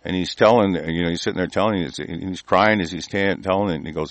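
A man's voice: low voice, quick pace, no echo. A man ranting angrily as a talk show host, swearing constantly and laughing mockingly. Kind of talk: profane conspiracy rant.

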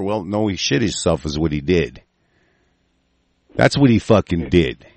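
A man's voice: fairly low pitch, lively intonation, moderate pace, pauses often, darkish tone, dry recording. A man hosting a talk show, ranting angrily with constant swearing and rambling restarts. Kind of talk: profane political rant.

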